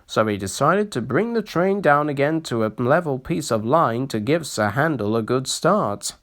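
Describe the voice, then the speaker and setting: A man narrating a storybook reading in an expressive, unhurried way. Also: medium pitch.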